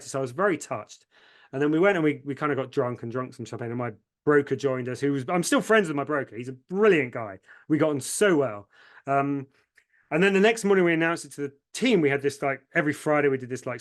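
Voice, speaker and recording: A man's voice: a little high, animated, quick pace. A man, an agency founder speaking as a podcast guest, telling his story candidly and with feeling, repeating words when moved and acting out what others said.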